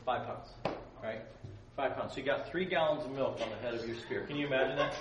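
Speaking fairly quickly at a medium pitch, a man runs a casual Bible study for a youth group, playfully joking and posing questions to his audience. The recording has its highs cut off and comes from a roomy gym-like hall, with a distant mic and faint background noise.

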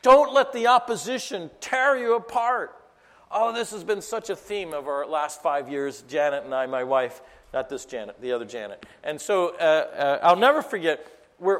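Preaching man in a reverberant hall. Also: on the high side. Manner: animated, swings from loud preaching to quiet storytelling asides. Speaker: pastor. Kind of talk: sermon.

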